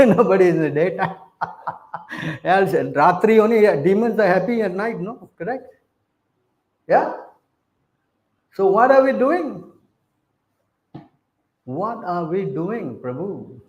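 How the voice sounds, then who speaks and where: A man's voice: high-pitched, lively intonation, a little slow, pauses often, a little mellow, echoey room, low-quality recording. A man preaching a sermon, emphatic, keeps asking his listeners questions. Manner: questions the audience again and again.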